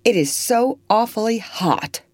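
A woman voicing a sulky, grumbling sick man who complains loudly from his bed. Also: on the high side, animated, unhurried, dry recording, voice pushed up. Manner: blustering, complaining. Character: grumbling sick male slave-catcher, sulky.

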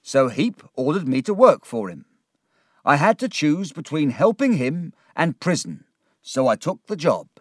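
A man voicing an excitable middle-aged gentleman in a storybook reading, theatrical and swelling with feeling. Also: a little high, unhurried, dry recording, studio quality. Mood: earnest. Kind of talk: audiobook character reading.

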